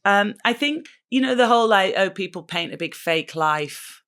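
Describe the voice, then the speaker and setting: Middle-aged English woman, podcast co-host, gravelly low voice, jokey and chatty. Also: animated, moderate pace, fairly bright tone. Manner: chatty, jokey storyteller, swears lightly. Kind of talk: casual chat.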